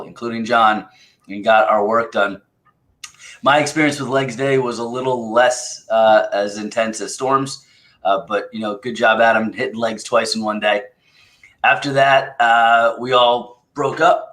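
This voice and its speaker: A man co-hosting a casual chat, recapping an event in an animated storytelling way. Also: on the low side. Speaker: co-host.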